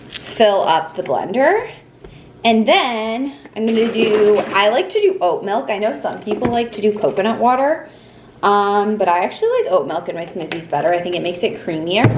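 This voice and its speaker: Chatty young woman rambling in a kitchen. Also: medium pitch. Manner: chatty, rambling, filler-heavy. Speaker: vlogger. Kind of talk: casual kitchen vlog chat. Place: home kitchen. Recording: noisy home recording.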